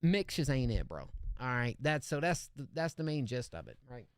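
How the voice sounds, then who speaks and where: A man's voice: mid-range voice, very animated, normal speed, smooth, no echo, clean studio sound. A man reacting to listener songs on a stream, talking in laid-back slangy banter and calling people dog. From California. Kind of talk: casual stream commentary.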